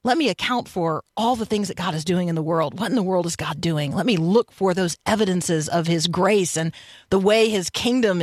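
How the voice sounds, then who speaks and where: A woman's voice: medium pitch, no echo. A woman hosting a Christian morning radio show from a studio. She talks in a chatty, reflective way, with frequent "um" and "like". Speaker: radio host.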